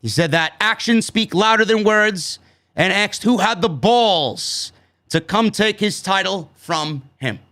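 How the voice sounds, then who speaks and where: A man's voice: sits high, takes it slowly, sharp tone. A man from New York casually recapping a wrestling show, blunt, sarcastic and given to swearing.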